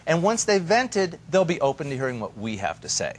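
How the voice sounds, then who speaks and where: A man as a therapist guest on a TV talk show, giving relationship advice in an animated, storytelling way. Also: fairly high pitch, brisk. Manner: animated storyteller who acts out quoted voices.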